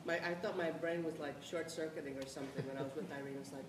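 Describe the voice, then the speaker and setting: A woman's voice: deep voice, fast talker. Blunt New woman, echoey hall. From South Bronx, New York. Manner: animated, blunt, swears freely, laughs often. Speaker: playwright on a discussion panel. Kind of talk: candid storytelling on a panel. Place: theatre or auditorium. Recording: echoey hall, distant mic, noisy.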